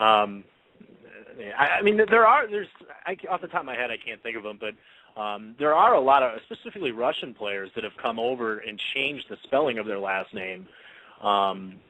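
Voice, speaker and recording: A man's voice: medium pitch, expressive, normal speed, bright, forceful tone, rough recording. A man co-hosting an online radio talk show, chatting with lots of fillers and hesitations. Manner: hesitant, many fillers, trailing off. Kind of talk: casual chat.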